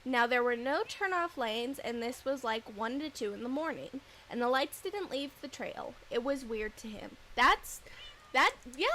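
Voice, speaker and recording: A woman streamer in casual chat, chatty and quick to laugh, reading out viewer stories. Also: high voice, animated, bright, forceful tone, slight background noise.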